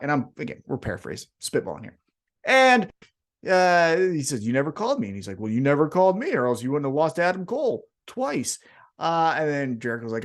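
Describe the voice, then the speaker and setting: A man co-hosting a casual wrestling podcast, recapping events in a profane, sardonic way with quick paraphrased bits of dialogue. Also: fairly high pitch, very animated. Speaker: podcast co-host.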